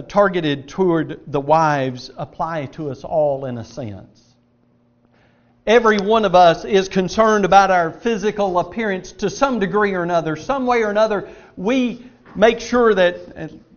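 A middle-aged man delivers an earnest sermon in a fairly high voice, pressing his points with shifts in loudness and pace. The recording sounds dull and lo-fi. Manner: earnest, emphatic preaching with varied loudness and pace. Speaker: preacher.

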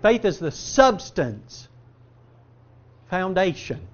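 A high-pitched male preacher delivers a sermon, throwing questions at the congregation and answering them himself. He swings between loud, stressed phrases and low, quiet asides. The recording is dull and lo-fi. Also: sing-song, slow.

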